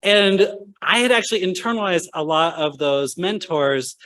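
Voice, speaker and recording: A man's voice: high voice, lively intonation, moderate pace, sharp tone. A young man giving a humorous storytelling speech at a medical school ceremony, acting out voices from his anecdotes.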